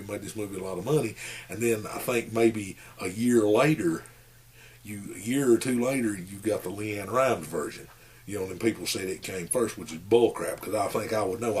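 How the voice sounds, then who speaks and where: A man, giving a rambling, folksy movie review with lots of fillers. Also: lowish voice. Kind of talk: casual rambling monologue.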